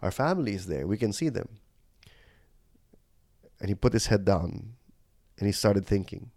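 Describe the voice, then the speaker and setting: A man's voice: on the low side, animated, moderate pace, a little mellow, no room sound, studio quality. A man giving an earnest, sermon-like leadership talk as a podcast host, telling stories with animation. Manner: switches into Tagalog phrases.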